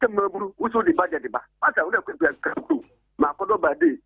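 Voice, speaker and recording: A man's voice: extremely high pitch, big pitch swings, fast talker, dry recording. A man phoning in to a talk show to comment, stammering and repeating words. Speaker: caller. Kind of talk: phone-in comment. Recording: gravelly, muffled phone line.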